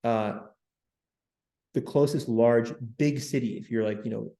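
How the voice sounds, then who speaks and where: A man's voice: mid-range voice, a little slow, long pauses, mellow, reverberant. A man hosting a history livestream, chatting with viewers and repeating words as he talks. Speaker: host. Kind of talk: livestream history talk, reading chat.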